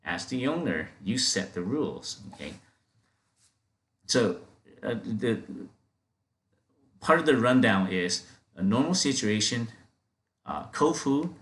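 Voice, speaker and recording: A man giving an off-the-cuff software training, repeating words, restarting phrases and checking in with "okay?" after each point. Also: mid-range voice, very animated, slow pace, pauses often. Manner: many fillers and restarts, talking off the cuff. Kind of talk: screen-recorded software training.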